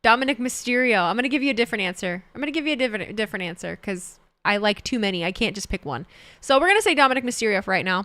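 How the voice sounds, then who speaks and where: A lively, joking woman streams live and chats with her viewers in a theatrical, playful way. Her voice is bright and a touch high, with a dry, close sound. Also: very fast, no echo. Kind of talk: casual live-stream chat, reacting and reading chat.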